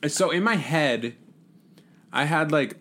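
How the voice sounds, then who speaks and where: A man's voice: a little high, animated, takes it slowly, a bit bright. A young man co-hosting a podcast in casual chat, chuckling, swearing and making fun of himself. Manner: chuckling, swearing, self-deprecating. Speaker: podcast co-host.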